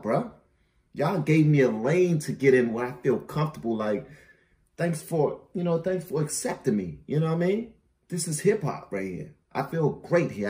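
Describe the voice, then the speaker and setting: A host reacting to a rap song in casual commentary, who talks in an animated, slangy way and repeats phrases. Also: medium pitch. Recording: roomy echo.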